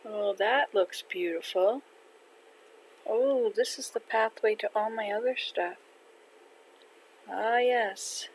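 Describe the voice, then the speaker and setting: An older woman from Canada chatting casually to herself while playing a video game, gentle and unhurried. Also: medium pitch, a little hiss or hum, low-quality recording. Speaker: gaming channel host. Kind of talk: casual gameplay chat. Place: home in winter.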